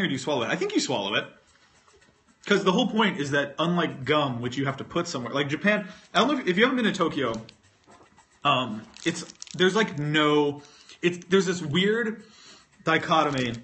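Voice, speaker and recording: This North Carolina man's voice runs high, very animated, brisk and sharp as he livestreams on a phone. Munching candy, he talks casually and rambles, swearing freely, mocking himself and talking with his mouth full.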